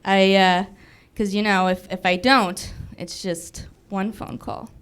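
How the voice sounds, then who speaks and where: A woman's voice: medium pitch, fairly even intonation, slow pace, a little hiss or hum. A young woman in her twenties performing a chatty, self-deprecating stand-up set on a theater stage. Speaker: stand-up comedian. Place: movie theater stage before a live audience.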